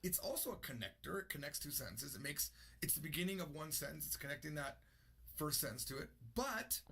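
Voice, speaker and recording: A man's voice: on the high side, animated, fairly quick, vocal fry, bright, forceful tone, a little hiss or hum. A man teaching a casual online lesson with energy, repeating example sentences aloud. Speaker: language teacher.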